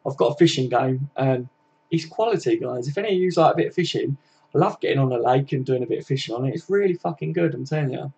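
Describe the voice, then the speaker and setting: Casual stream host, man, rambling and matey, mid-pitched, slightly muffled recording. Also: lively intonation, quick pace, dark tone. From England. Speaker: fan channel host. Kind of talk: casual live stream chat.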